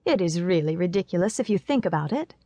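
A woman voicing a lively young lady who speaks playfully and demurely in an audiobook. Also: on the low side, fast, no room sound. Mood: teasing.

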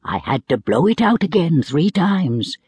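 A woman reading a children's storybook aloud and voicing a gentle, towering female wind spirit who is slightly cross and speaks in a calm, reasoning way. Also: low-pitched, a little slow, slightly rough, no room sound, heavily acted. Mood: reproachful. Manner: calm, reasoning, faintly reproachful.

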